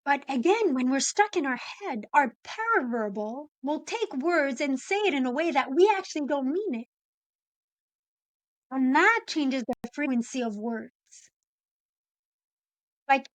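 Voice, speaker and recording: A woman in her forties, a podcast guest and coach, explaining ideas in an animated way and acting out example phrasings. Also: high voice, unhurried, pauses often, no room sound. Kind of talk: conversational interview.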